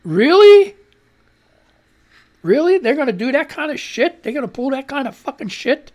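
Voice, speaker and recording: A man hosting a radio show, reading news headlines aloud and then ranting about them with profanity. He often coughs and clears his throat, and his voice climbs higher when he gets worked up. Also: brisk.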